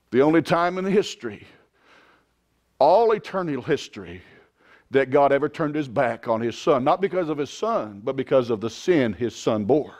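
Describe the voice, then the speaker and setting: A man preaching a sermon as pastor, swinging from quiet, drawn-out lines to loud shouted climaxes. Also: fairly high pitch, expressive. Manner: impassioned preaching, rising to shouts.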